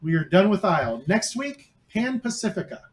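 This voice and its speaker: High-voiced man narrating a tabletop game. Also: very animated, moderate pace. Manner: storytelling, with small restarts. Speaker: game master. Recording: noisy home stream audio.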